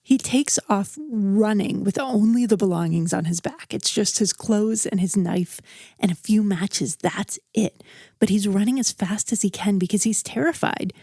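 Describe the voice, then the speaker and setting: A woman narrates a true story in a relaxed, chatty way and lets the tension build as she goes. Her voice sits in a middle pitch. The sound is dry and close to the mic, with no echo. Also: moderate pace. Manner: conversational and vivid, with a dramatic build. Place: outdoors around a campfire.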